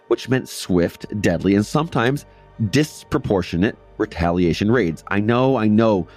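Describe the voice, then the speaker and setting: A man's voice: on the low side, darkish tone. A man hosting a history podcast, narrating a script with casual asides and repeating phrases for emphasis.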